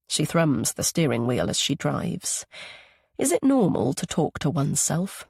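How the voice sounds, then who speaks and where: Male audiobook narrator, steady, gravelly voice, dry close sound. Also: a little high, unhurried, no echo. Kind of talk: scripted narration.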